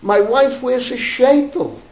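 A man's voice: very high voice, slow, darkish tone, pitched above the performer's own voice, heavily acted. A man voicing an older German Jewish man with a German accent, a wistful dentist. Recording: roomy echo, faint background noise.

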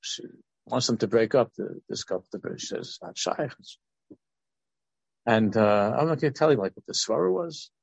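An older man in his sixties gives an informal Torah talk in a gravelly, husky voice. He rambles and restarts his sentences. The sound is dull and lo-fi, recorded dry. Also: on the low side, expressive, a little fast, no room sound. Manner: rambling, with many restarts and asides.

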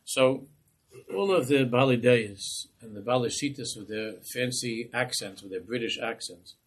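Husky-voiced rabbi giving an impassioned lecture. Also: male voice, mid-range voice, normal speed. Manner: impassioned, rhetorical. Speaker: rabbi teaching a class. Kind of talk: Torah class lecture.

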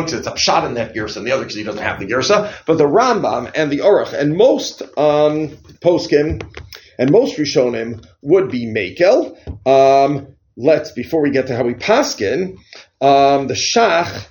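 A man teaching a study class on religious law, animated and questioning, often putting questions to his students. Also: fairly high pitch, reverberant, lo-fi sound, a little hiss or hum. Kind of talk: halacha study lecture.

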